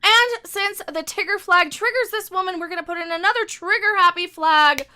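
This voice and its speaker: A woman's voice: very high voice, normal speed, sharp tone. A woman streamer ranting sarcastically through a live reaction stream, talking back at the video and sometimes tripping over her words.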